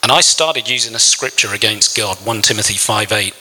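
Bright-voiced male preacher in a reverberant hall. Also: on the low side, fairly quick. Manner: emotional, earnest storytelling. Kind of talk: sermon testimony.

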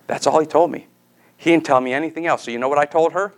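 A man's voice: a little high, fairly even intonation, quick pace. A man preaching a sermon, telling a personal story and leading a prayer in an earnest, pleading way.

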